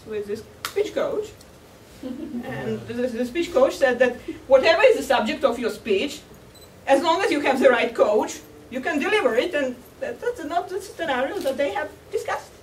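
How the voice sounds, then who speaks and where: A woman's voice: sits high, expressive, normal speed, slight background noise. Playful woman telling a fable in a hall. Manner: playful, chuckles at her own jokes. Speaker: contest speaker. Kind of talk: humorous storytelling speech. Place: large hall at a cultural center. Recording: echoey hall, mic far off.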